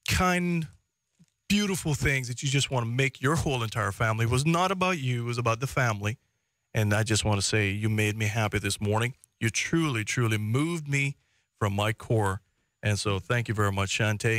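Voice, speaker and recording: A man with a Caymanian accent hosts live talk radio, piling on thanks and warm praise. His voice is close and dry on a studio mic. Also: mid-range voice, no room sound. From Cayman Islands. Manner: effusive, repetitive thanks, animated. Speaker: radio talk show host. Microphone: studio microphone.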